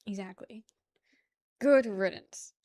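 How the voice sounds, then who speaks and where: A woman's voice: mid-range voice, slow pace, mellow, dry recording. A young woman from the New York area chatting casually with her stream chat, joking, laughing and rambling.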